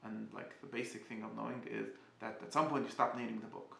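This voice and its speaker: A man giving a casual spoken class, halting and often restarting as he searches for words. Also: on the low side, steady tone, vocal fry, pushed and bright, reverberant. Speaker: teacher.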